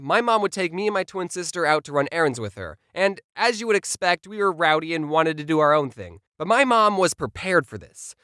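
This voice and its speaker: A young man telling comedic childhood stories in a sarcastic, animated scripted style. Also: high-pitched, smooth, dry recording, studio quality. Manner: sarcastic, animated, jumps between voices. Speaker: comedy YouTuber.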